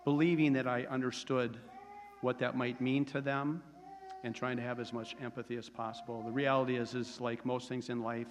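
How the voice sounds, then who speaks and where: A man in his sixties gives his personal testimony to a congregation in an earnest, steady way, hesitating now and then. His delivery is flat and even, and his voice carries a long reverb through a large church sanctuary. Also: medium pitch, moderate pace. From United States. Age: 60s. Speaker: church member giving testimony.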